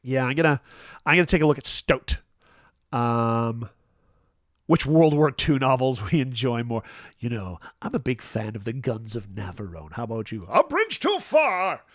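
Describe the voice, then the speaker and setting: Casting note: a man near fifty, solo stream host, medium pitch, rambling and self-deprecating, dry close sound. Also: moderate pace, dry recording. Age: 40s. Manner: rambling, self-deprecating, many restarts and fillers. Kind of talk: casual live-stream chat.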